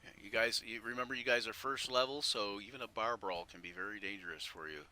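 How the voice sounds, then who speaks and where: A man narrating a tabletop game as game master, talking in halting bursts with many restarts. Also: lowish voice, sharp tone, a little hiss or hum.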